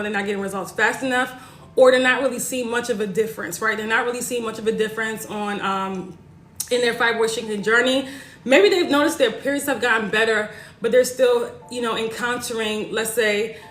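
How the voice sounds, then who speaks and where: A woman hosting a casual livestream, chatting to viewers and reading out their comments, sometimes bursting into excited squeals. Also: fairly high pitch. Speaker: livestream host, holistic health coach. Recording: echoey room.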